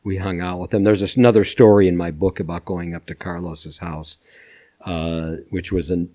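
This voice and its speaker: An older man, a former music manager and podcast guest, telling animated stories with frequent laughter. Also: low-pitched, normal speed. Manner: animated, laughs often, acts out voices. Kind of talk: anecdotal storytelling.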